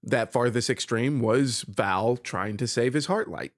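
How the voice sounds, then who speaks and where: A man's voice: medium pitch, a little slow, dry recording, studio quality. A man co-hosting a casual podcast, explaining game lore in a rambling, explanatory way. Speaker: podcast co-host.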